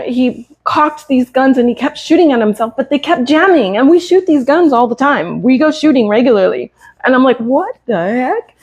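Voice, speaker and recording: A woman in her fifties from the United States, a cat breeder on a live stream, telling a hard personal story in a halting, earnest, emotional way. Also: fairly high pitch, a little mellow, lo-fi sound. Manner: halting and earnest, with many hesitations. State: emotional, close to tears.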